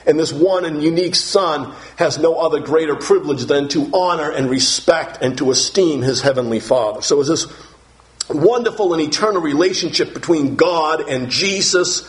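A man preaching a sermon, emphatic, piling up synonyms and rising to shouts on key words, and putting questions to the congregation. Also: fairly high pitch, moderate pace. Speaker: pastor.

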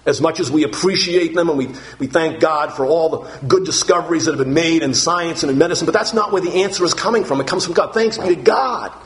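A man's voice: a little high, fast talker, few pauses. A man preaching an expository sermon, emphatic, repeating key phrases with conversational asides.

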